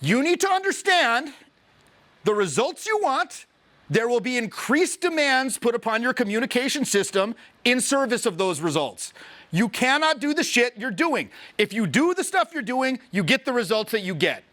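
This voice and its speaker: A man coaching on social skills in a blunt, profane, fired-up lecture that acts out quick examples. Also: extremely high pitch, very animated, bright, forceful tone. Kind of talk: fired-up coaching talk to camera.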